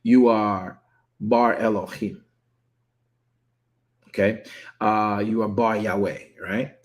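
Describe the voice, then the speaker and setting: A man's voice: on the low side, fairly even intonation, slow. A man preaching a conversational sermon, often repeating words and checking in with "right?".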